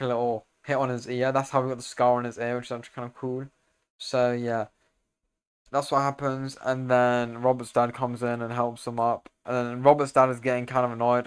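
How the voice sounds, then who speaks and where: Rambling young man with a smooth voice. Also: mid-range voice. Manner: rambling, slangy, self-correcting, gets loud and excited over fight scenes. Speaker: video creator explaining comics. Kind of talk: casual comic recap commentary.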